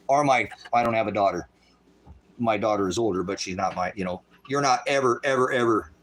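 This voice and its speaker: A middle-aged man preaching in an angry, profane livestream style, voice swinging loud. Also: mid-range voice, slight background noise. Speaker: street preacher.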